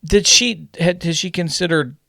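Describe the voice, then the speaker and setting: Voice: mid-range voice, normal speed, vocal fry, sharp tone, dry recording, studio quality. A podcast co-host in casual banter, talking hesitantly with frequent restarts. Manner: hesitant, restarts sentences, chuckles.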